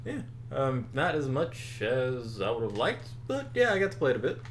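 A man's voice: medium pitch, big pitch swings, moderate pace, a little hiss or hum. A man chatting casually with friends during a game, making dry, laid-back remarks. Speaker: let's play gamer. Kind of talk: casual gaming chat.

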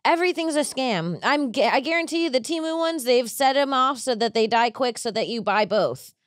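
Woman podcast host in her thirties, ranting and swearing, lively pitch, dry close sound. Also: brisk, dry recording. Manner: emphatic, ranting, swears freely. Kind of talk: casual chat.

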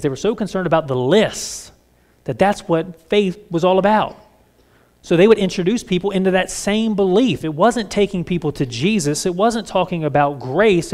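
A middle-aged man preaching a conversational sermon as pastor, candid and self-deprecating with lively asides. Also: sits high.

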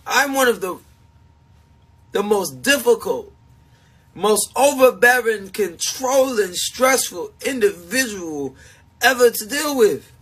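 A man talking live to his supporters in a high, bright voice with a husky, breathy edge. He speaks slowly and emphatically. He repeats himself, laughs between points, and sounds confessional. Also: animated. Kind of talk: casual livestream chat.

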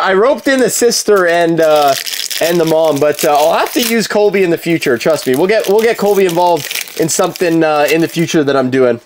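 A man hosting a live card-break stream, chatting casually with viewers, with lots of fillers, and calling out cards as he opens packs. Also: a little high. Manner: chatty, filler-heavy, calls out cards while talking to viewers.

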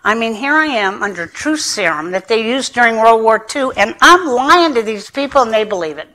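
A woman's voice: a little high, moderate pace. A woman speaking at a lecture, telling her own recovery story with self-mocking humor and acting out the people in it. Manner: animated storytelling, acting out quoted dialogue. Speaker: addiction specialist speaker.

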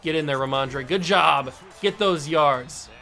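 A man's voice: fairly high pitch, measured pace, vocal fry, faint music behind. A man playing a football video game and commentating live, often scolding himself for his mistakes. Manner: self-scolding, exasperated, then animated. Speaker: gaming YouTuber.

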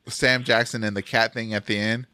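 Excitable man chatting about movies. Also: lowish voice, normal speed, smooth, no room sound, clean studio sound. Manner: animated, rambling, laughs often. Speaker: podcast host. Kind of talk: casual movie review chat.

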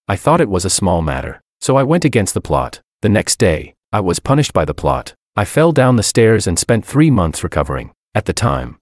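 A man calmly reading a first-person story as its narrator. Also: deep voice, no echo, studio quality.

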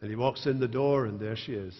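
A man's voice: medium pitch, a little fast. A man, a pastor preaching a sermon with storytelling and dry humor in a large church. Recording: reverberant church hall, dull live stream.

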